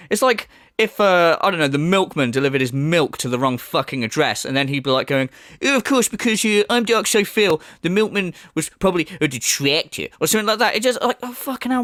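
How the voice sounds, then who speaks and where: A man's voice: high voice, fairly bright tone, dry recording, studio quality. A man giving a profane, mocking rant as a commentary YouTuber. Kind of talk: ranting reaction commentary.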